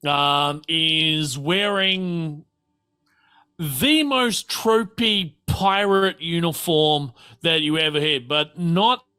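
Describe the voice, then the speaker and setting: Man, game master, rambling narration, slow pace, bright tone. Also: a little high, smooth. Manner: rambling, full of fillers.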